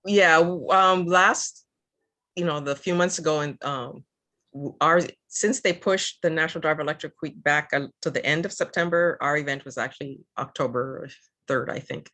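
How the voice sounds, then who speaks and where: A woman's voice: low-pitched, normal speed, pushed and bright. An older woman from Southern California, a guest in a casual interview, talking earnestly with many fillers and restarts. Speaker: guest, EV advocate.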